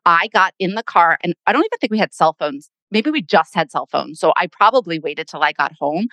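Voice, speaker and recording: A middle-aged woman co-hosting a podcast, telling a story in an animated way and acting out what people said. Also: on the low side, brisk, no room sound. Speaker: podcast co-host. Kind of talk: casual chat.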